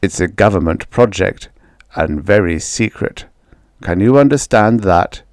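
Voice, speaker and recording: A man voicing a stern, gruff father, speaking gravely and firmly in a vintage science fiction reading. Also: deep voice, expressive, measured pace, no room sound, clean studio sound, pitched below the performer's own voice. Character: stern brilliant father, big middle-aged man, gruff.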